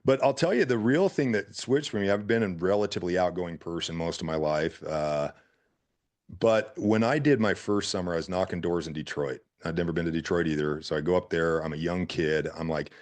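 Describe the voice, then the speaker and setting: A man's voice: sits low, fairly quick. A middle-aged man from Utah, telling business stories as a guest in a casual interview and acting out the people he quotes. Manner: animated, acts out quotes. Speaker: guest entrepreneur. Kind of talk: casual storytelling.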